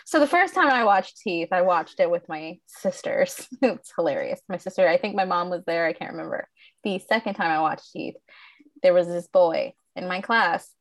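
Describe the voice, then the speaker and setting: Profane, animated woman storyteller. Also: on the low side, moderate pace, no echo. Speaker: podcast co-host. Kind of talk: casual chat, storytelling.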